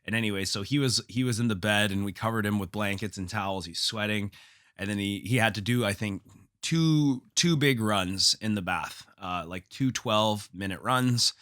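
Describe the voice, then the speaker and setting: A man's voice: on the low side, normal speed, fairly bright tone, dry recording, studio quality. A man from Canada hosting a solo podcast, talking in a casual, rambling way and swearing freely. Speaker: podcast host.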